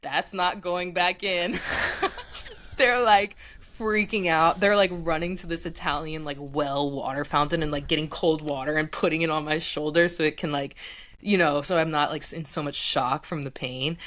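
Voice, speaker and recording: A woman's voice: sits low, steady tone, normal speed, fairly bright tone. A young woman in her twenties casually retelling a personal story, full of "like" fillers. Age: 20s. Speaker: guest.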